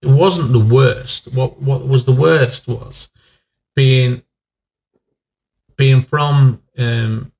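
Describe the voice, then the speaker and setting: A man's voice: medium pitch, drawn-out words, creaky, long pauses, muffled recording. A man in his forties, an army veteran who was born in England and raised in Northern Ireland, telling rambling stories in a casual podcast chat. He swears freely and laughs often.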